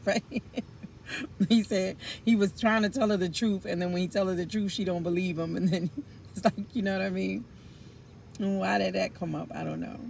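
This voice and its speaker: Gravelly-voiced woman doing a rambling tarot reading, slangy, lots of um and you know. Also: medium pitch, fairly even intonation, moderate pace, a little mellow, a little hiss or hum. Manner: rambling, musing aloud with frequent laughs and fillers; informal street slang. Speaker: tarot reader.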